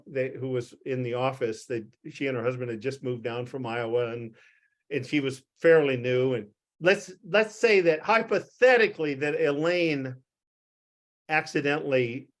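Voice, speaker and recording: An older man recounts a story from his years as a doctor, speaking over a video call to a small group. His voice sits at an average pitch. He rambles and restarts often, chuckling at his own expense. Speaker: physician. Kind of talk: anecdote told to a group on a call.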